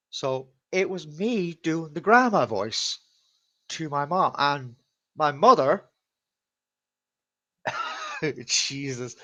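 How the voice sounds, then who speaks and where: A man's voice: on the high side, animated, very slow, pauses often, pushed and bright. A man hosting a live stream, telling stories casually, swearing freely and laughing at his own tales in front of a camera. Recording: slightly dull lo-fi sound.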